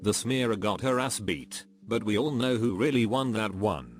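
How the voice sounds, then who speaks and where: A man narrating a string of short anecdotes read from an online forum, in a steady storytelling manner. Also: lowish voice, measured pace, hardly any pauses, soft background music. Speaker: narrator reading online posts. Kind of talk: scripted narration.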